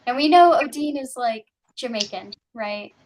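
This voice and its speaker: Woman, high voice, casual stream panelist, animated storyteller. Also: normal speed, slight background noise. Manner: animated storytelling, quoting others. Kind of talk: casual chat.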